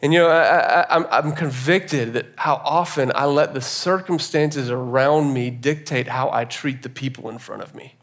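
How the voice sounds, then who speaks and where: A man's voice: medium pitch, moderate pace, hardly any pauses, a bit bright. A man telling a personal story in a casual, earnest way, often saying "like" and "you know," and drawing a faith lesson from it. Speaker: speaker sharing a personal story.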